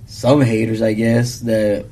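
A man co-hosting a casual podcast, laid-back and low-key, a little sick. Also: level tone, takes it slowly, mellow. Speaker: podcast co-host and DJ.

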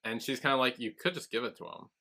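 A man co-hosting a podcast in easy, chatty recap mode. His voice is bright and forceful at an ordinary middle pitch, and he keeps breaking into quick impressions of the characters as he walks through each scene. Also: lively intonation, creaky. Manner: chatty, acts out characters' lines while retelling. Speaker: podcast co-host. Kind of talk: casual recap chat.

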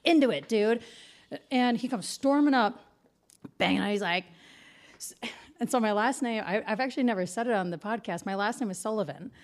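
Animated, swearing woman telling a story. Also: mid-range voice, brisk. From United States. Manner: animated, swears freely, laughs mid-story. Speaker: podcast co-host. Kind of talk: casual chat, storytelling.

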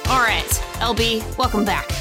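A woman co-hosting a podcast, chatting casually in a gushing, excitable way and swearing freely. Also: a little high, moderate pace, loud music behind the voice. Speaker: podcast co-host. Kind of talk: casual chat.

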